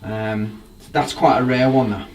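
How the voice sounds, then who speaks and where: Speaking a little slowly in a steady, medium-pitched voice, a drum collector rambles enthusiastically while casually showing off his gear. The show-and-tell is recorded from a distance with faint background noise.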